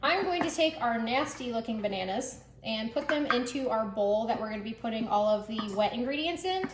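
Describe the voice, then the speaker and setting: A woman's voice: fairly high pitch, expressive, brisk, echoey room, background noise. A woman hosting a casual cooking vlog from her home kitchen, joking around and filling her talk with "like". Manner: chatty, joking, lots of "like" fillers.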